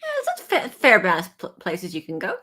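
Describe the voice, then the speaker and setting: A woman's voice: fairly low pitch, huge pitch swings, fast talker, pushed and bright, slightly rough. A woman co-hosting a livestream, chatting playfully and laughing often. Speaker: livestream co-host. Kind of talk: casual chat.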